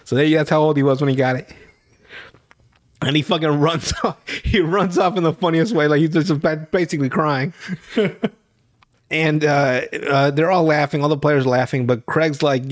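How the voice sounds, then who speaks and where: A man's voice: a little high, moderate pace. A man hosting a podcast, casually recapping a show in a profane, rambling storytelling way. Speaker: podcast host.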